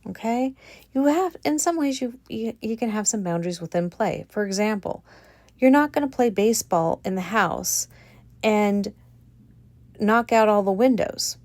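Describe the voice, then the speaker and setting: A woman giving a casual commentary monologue on her channel, animated and incredulous, repeating her points for emphasis. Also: mid-range voice, normal speed, no room sound. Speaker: vlogger.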